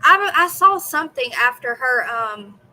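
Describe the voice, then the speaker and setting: A woman's voice: sits high, lively intonation, a little slow, pushed and bright, low-quality recording. A young woman streaming from home, giving chatty, indignant commentary on a trial and talking straight to her viewers. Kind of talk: casual live commentary.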